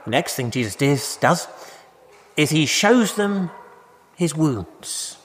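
Male preacher, slightly higher voice, measured pace, long church reverb with faint room noise. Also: very animated. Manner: slow, emphatic, repeats key words. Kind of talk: sermon. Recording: echoey hall, faint ambience.

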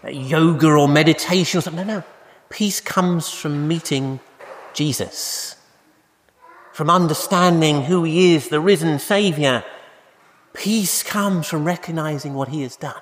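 A man preaching a sermon in a church, slow and emphatic, repeating key words for weight. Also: on the high side, slight background noise. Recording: echoey hall, faint ambience.

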